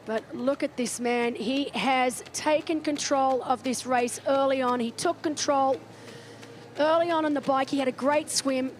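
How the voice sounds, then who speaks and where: A woman's voice: high voice, steady tone, measured pace, a little hiss or hum. A woman doing live race commentary from a commentary booth, chatty and enthusiastic.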